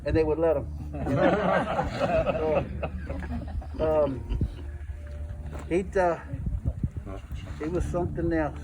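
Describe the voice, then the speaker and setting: A middle-aged man speaks at a memorial service, delivering a eulogy for his father built from stories, and he acts out the dialogue in quotes. His voice sits on the high side and moves extremely slowly, with long pauses, against heavy background noise.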